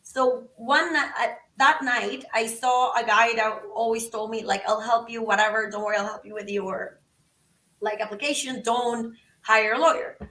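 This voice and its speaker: Excitable woman telling a story. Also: on the high side, normal speed, echoey room, far from the mic, poor audio. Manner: animated, excitable, acts out quotes, many "like"s. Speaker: podcast guest. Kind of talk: casual storytelling.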